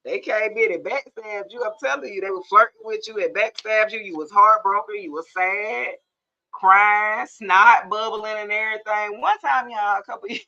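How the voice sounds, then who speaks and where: A woman's voice: medium pitch, moderate pace, sharp tone, dull audio. Sassy woman giving a blunt tarot reading. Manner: sassy, blunt, laughing asides. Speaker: tarot reader. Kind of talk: casual tarot reading to camera. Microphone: phone or camera mic.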